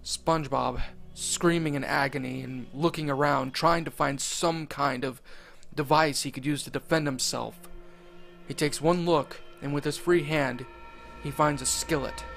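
A man's voice: on the high side, steady tone, creaky, a bit bright. Man narrating a horror story. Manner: deliberate, dwelling on grisly details. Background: faint music.

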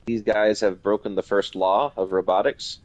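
A man's voice: lowish voice, steady tone, moderate pace, no echo. A man streaming a horror game, chatting casually and telling stories between moments. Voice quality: chatty, storytelling asides. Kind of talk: casual chat while gaming.

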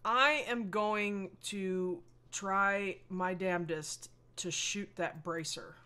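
During a tabletop role-playing game, a woman with a mid-range voice speaks slowly, in a pushed, bright, smooth tone, thoughtfully describing her character's plans. As a player she hesitates and restarts her phrases.

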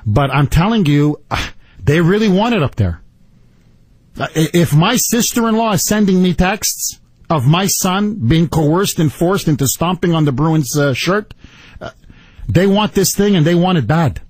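Male radio host, lively indignant storyteller, higher-pitched, dry studio mic. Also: a little slow, slightly rough, dry recording, rough recording. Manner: animated, mock-outraged storytelling. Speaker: radio talk show host. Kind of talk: talk radio monologue.

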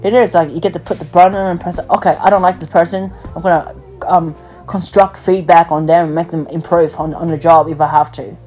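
A woman's voice: sits low, fairly even intonation, brisk, darkish tone. Blunt ranting woman podcast host. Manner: blunt, swearing, ranting with many fillers. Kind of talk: casual chat. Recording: phone call with faint music.

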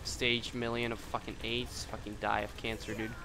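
A man giving live commentary on his own game, excitable and profane, swinging between mutters and sudden shouts. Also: on the low side, normal speed, slight background noise.

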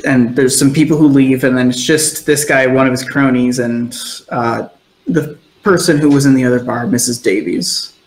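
A man's voice: mid-range voice, moderate pace. A man narrating a tabletop role-playing game as game master, in a loose, descriptive storytelling way. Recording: echoey room.

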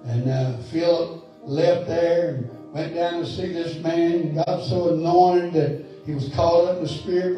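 A man's voice: on the high side, mellow. A man preaching a sermon as pastor, fervent and building to emphatic calls, recorded in a church sanctuary. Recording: echoey church hall, mic far off.

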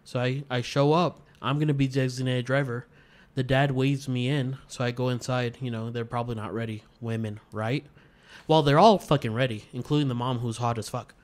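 A man co-hosting a podcast, telling crude stories in casual chat and acting out quotes loudly. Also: mid-range voice, steady tone, fairly quick. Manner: profane storytelling, acts out quotes loudly. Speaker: podcast co-host.

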